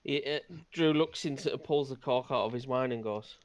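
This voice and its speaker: A man's voice: medium pitch, normal speed, no echo. A man taking part in a tabletop game, describing what his character does with frequent stammered restarts. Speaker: player. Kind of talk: tabletop role-play chat.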